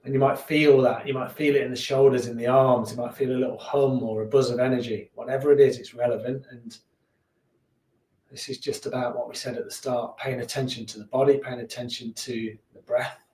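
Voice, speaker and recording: A man teaching a beginner yoga class in a relaxed, chatty, encouraging way that sometimes laughs at himself. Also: medium pitch, a little fast. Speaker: yoga instructor. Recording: echoey room, voice from a distance.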